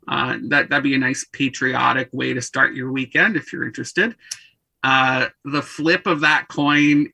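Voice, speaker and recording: A man's voice: medium pitch, steady tone, gravelly, bright, forceful tone, breathy edge, no room sound. A man in casual chat on a talk show, reading through local events in a playful, jokey way. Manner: playful, jokey, quick to laugh. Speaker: events segment regular on a radio show.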